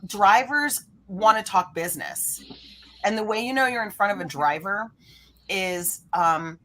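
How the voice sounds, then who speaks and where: Energetic woman guest coach, animated interview delivery. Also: lowish voice. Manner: energetic, lively, acts out quoted people. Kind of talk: animated podcast interview talk.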